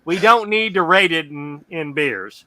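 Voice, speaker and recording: Wisecracking co-host, high and bright, quick one-liners. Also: male voice, expressive, no echo, poor audio. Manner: wisecracking, drops short jokes. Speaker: podcast co-host. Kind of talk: crude casual movie-review chat.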